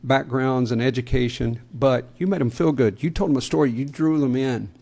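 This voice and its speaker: Gravelly Southern American man, joking. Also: mid-range voice, brisk, dark tone. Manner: joking, laughs often, restarts sentences. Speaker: podcast co-host. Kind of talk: casual podcast chat.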